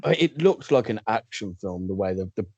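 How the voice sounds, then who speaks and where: A man's voice: on the low side, animated, fairly quick, a little mellow, dry recording, lo-fi sound. A man co-hosting a casual wrestling chat, amused and easygoing. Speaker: podcast co-host.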